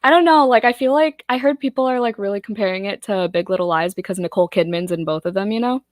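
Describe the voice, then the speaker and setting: A woman's voice: mid-range voice, fast, no echo, clean studio sound. A young American woman hosting a live book-club stream, laughing often and greeting viewers from the chat. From United States. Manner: giggly, reads out chat comments. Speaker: host.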